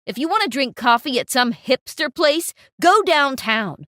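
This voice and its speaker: A blustering cafe manager yells and demands with a lively, swinging pitch, as a woman acts him out. He is loud and pompous, then cowers and pleads, in a dry close storytime read. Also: a little slow, no room sound. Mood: furious. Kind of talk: storytime narration.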